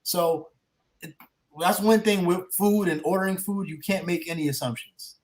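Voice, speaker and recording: A man's voice: high-pitched, normal speed. A man co-hosting a podcast in casual chat, giving dry teasing replies. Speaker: podcast co-host.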